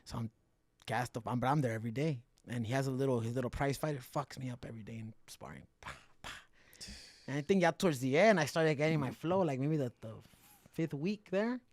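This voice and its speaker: A man telling fight stories in a podcast interview, profane and animated, acting out the quotes in a slangy, casual way. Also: mid-range voice, a little fast, no echo. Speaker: guest fighter.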